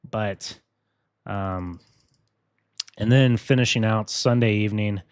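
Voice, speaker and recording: Casual low-voiced man on a live weather stream. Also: takes it slowly, clear, resonant tone, dry recording. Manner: casual, excitable, talks to chat viewers.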